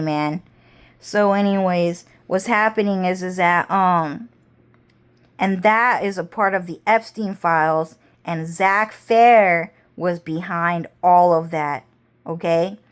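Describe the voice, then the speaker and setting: Slow-talking woman on a profane ramble. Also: on the low side, clear, resonant tone. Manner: rambling, heavy profanity, drawn-out. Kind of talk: rambling casual monologue.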